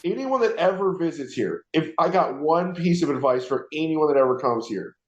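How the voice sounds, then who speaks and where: A man's voice: a little high, animated, moderate pace. A man hosting a radio show, ranting casually and profanely, laughing and mimicking people. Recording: roomy, dull lo-fi sound.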